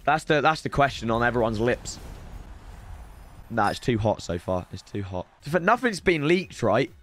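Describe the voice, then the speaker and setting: A hoarse man with a British accent, commentating on a live stream as he opens packs, excitable and breaking into shouts at big reveals. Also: medium pitch, normal speed, slight background noise.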